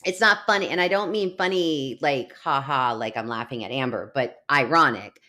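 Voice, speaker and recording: A woman's voice: rumbling low, moderate pace, pushed and bright. A middle-aged woman hosting a live online show, chatting casually and laughing as she rambles through stories. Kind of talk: casual live-stream chat.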